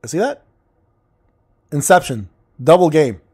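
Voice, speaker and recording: This man livestreams a game, chatting casually with his audience, reading chat, joking crudely, and rambling between plays. His slightly high voice is very animated yet slow, a little mellow, with a breathy edge.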